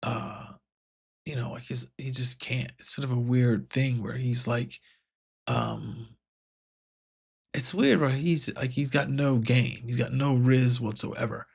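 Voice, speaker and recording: His medium-pitched voice is steady, slow and husky, with vocal fry. As a comics podcast host he gives a casual, rambling review full of fillers and restarts, lifting his voice a little to paraphrase the characters' lines.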